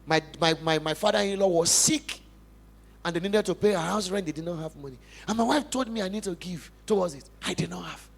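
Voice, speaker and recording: High-voiced Nigerian man preaching passionately. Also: fairly quick, vocal fry. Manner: emphatic, passionate preaching with big swings in loudness. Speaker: pastor. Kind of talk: sermon testimony. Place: church.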